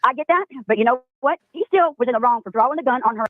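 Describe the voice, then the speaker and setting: A woman calling in by phone, telling an upsetting story in a halting, tearful way. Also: on the high side, no echo. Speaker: caller. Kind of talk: emotional phone call on a livestream. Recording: tinny phone line.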